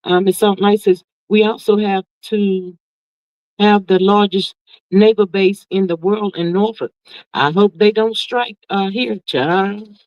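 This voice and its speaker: A woman hosting a casual livestream, reading viewer comments aloud and reacting in a sassy, drawn-out way, calling everyone "child" and "honey". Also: medium pitch, fairly even intonation, a little mellow, dry recording. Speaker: livestream host. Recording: dull, lo-fi, dry sound.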